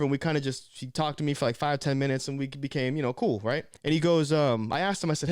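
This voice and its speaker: Young man, vlogger, casual slangy storytelling, fast, dry close mic. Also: medium pitch, clear, resonant tone, no echo. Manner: slangy, animated, conversational.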